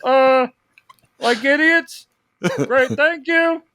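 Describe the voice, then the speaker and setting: A man's voice: very high-pitched, sharp tone, dry recording, clean studio sound, voice pushed up, full character voice. A man putting on an impression of a mild, distracted older male film creator who hesitates and says um a lot. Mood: laid-back. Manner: hesitant, halting, full of ums.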